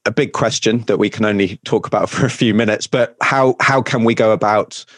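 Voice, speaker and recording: A man's voice: fairly low pitch, fairly quick, a bit bright, dry recording, clean studio sound. A man hosting a podcast conversation, agreeing often and steering with questions. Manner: agreeable, frequent yeahs, leading questions. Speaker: podcast host.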